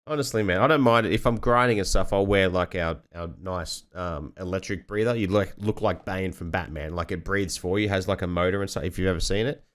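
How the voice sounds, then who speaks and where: Aussie bloke telling rowdy work stories, lots of swearing, lowish voice. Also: male voice, fairly quick, hardly any pauses. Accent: Australian. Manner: sweary storyteller, acts out other people loudly. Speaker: podcast host. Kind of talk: casual chat.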